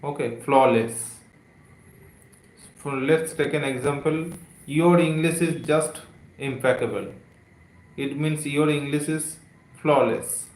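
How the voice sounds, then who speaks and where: Male English tutor, live stream, slow and repetitive, echoey room, mid pitch. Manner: slow, repeats words, many "okay" and "uh" fillers. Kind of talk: live-streamed vocabulary lesson.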